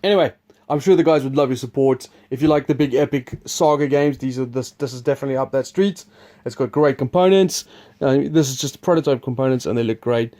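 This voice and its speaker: Mellow-voiced man hosting a board game chat. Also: medium pitch, brisk. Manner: rambling, chuckling, restarts sentences. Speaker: host presenting a board game preview.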